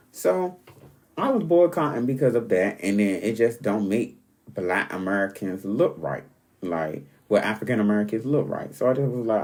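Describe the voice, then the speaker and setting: A man hosting his own podcast, telling stories in a rambling, animated, casual way with sudden jumps in pitch. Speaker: podcast host. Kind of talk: casual solo podcast monologue.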